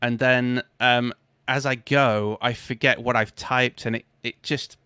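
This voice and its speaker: A man's voice: mid-range voice, fairly even intonation, a little slow, pushed and bright, clear, resonant tone, dry recording, clean studio sound. A man hosting a live stream, talking casually and upbeat, often correcting himself as he goes. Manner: chatty, self-correcting, upbeat.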